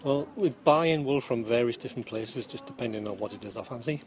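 A middle-aged man with a Geordie accent, from Newcastle, England, talks quickly in a mid-range voice while answering casual interview questions. Once a chemistry teacher, now a yarn dyer, he explains his work rambling, dryly humorous and full of ums, recorded on the interviewer's phone.

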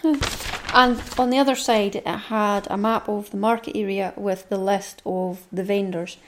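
A woman's voice: medium pitch, fairly even intonation, moderate pace. A middle-aged woman, hosting her own podcast in a chatty, rambling monologue and reading through a long list. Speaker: knitting podcast host. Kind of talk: casual monologue.

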